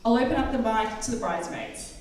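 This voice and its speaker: A woman's voice: fairly high pitch, expressive, fairly quick, a little mellow, slight background noise. A woman acting as master of ceremonies, introducing the next speakers in a friendly, explanatory way. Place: wedding reception hall. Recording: echoey hall, distant mic.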